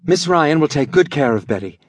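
A dashing young scientist gives brisk, reassuring orders, as a male narrator plays him. The voice sits a little high and moves with lively pitch. The audiobook recording is dry and close. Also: no room sound. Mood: assured.

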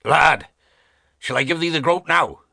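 A man voicing a stern, exacting old Quaker tradesman in an audiobook, with brisk, commanding old-fashioned speech. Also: fairly high pitch, lively intonation, creaky, bright, forceful tone, no echo, clean studio sound, voice pushed up, exaggerated voice. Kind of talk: audiobook character voice.

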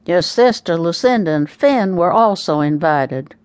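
A woman doing a gruff, grumbling old father. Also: on the low side, animated, measured pace, a little mellow, dry recording.

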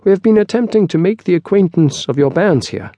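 A man voicing a fastidious, disapproving foreign master mason in an audiobook. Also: high voice, expressive, warm tone, dry recording, voice pushed up. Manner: disapproving, formal.

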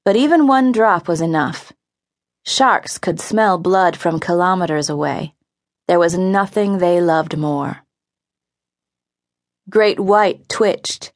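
A woman narrating a teen adventure audiobook with expressive, vivid storytelling. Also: fairly low pitch, slow, long pauses. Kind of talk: scripted narration.

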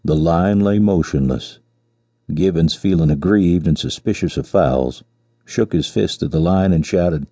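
A man narrating a classic short story as an audiobook, in a measured storytelling manner. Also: sits low, warm tone, breathy edge, no room sound. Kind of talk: scripted narration.

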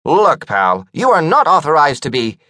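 A man's voice: a little high, huge pitch swings, normal speed, sharp tone, no echo, clean studio sound, voice pushed up, full character voice. A man voicing a pompous, self-important little rodent official who gets flustered easily. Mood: officious.

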